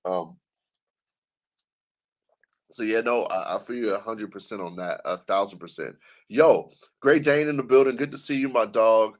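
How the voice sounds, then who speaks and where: A man's voice: lowish voice, normal speed, pauses often. Laid-back man hosting a stream interview. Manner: laid-back, loose, laughs easily. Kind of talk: casual interview chat.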